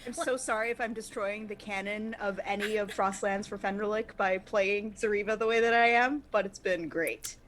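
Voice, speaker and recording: A woman's voice: mid-range voice, steady tone, moderate pace, few pauses, a bit bright, slight background noise. A woman player chatting casually on a game stream, playfully dramatic.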